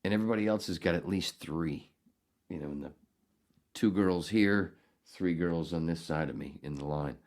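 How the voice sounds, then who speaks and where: A middle-aged man hosting a podcast, telling a story in a casual, profane, animated way with bursts of outrage. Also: low-pitched, normal speed. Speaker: podcast host.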